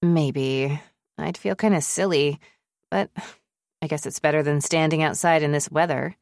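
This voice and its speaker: A woman's voice: low voice, steady tone, unhurried, darkish tone, no echo, clean studio sound. A woman reading an audiobook, voicing a skeptical young woman psychologist with a wry, muttering manner. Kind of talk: audiobook character voice.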